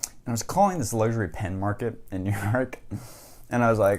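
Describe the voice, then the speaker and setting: A journalist giving casual, wry to-camera commentary, rambling with many fillers and asides. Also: male voice, lowish voice, lively intonation, fairly quick. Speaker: journalist vlogger.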